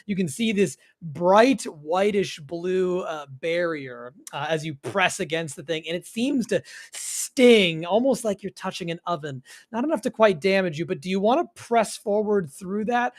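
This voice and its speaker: A game master narrating a tabletop fantasy game in a measured, descriptive way, with frequent pauses. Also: medium pitch. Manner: descriptive, measured, pausing often.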